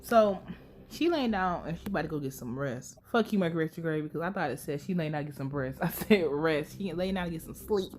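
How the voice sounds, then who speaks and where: A woman's voice: low-pitched, lively intonation, fast talker, a little mellow, a little hiss or hum. A young woman hosting a casual, profane recap of a TV series. She swears freely, uses a lot of slang and laughs often. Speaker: podcast host recapping a TV series.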